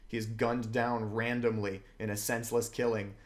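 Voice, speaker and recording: A man co-hosting a podcast and chatting casually. He tells stories with a lot of energy and slips into the voices of the people in each scene as he retells it. His voice sits at an ordinary mid pitch for a man. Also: moderate pace. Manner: animated storyteller acting out scenes. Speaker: podcast co-host.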